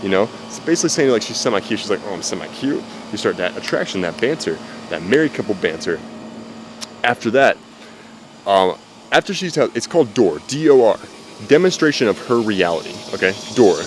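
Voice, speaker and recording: A man's voice: fairly low pitch, very animated, brisk, a little hiss or hum. A man giving blunt, profane dating advice in casual talk to camera, outdoors. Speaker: dating coach. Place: outdoors with cicadas. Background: faint cicadas.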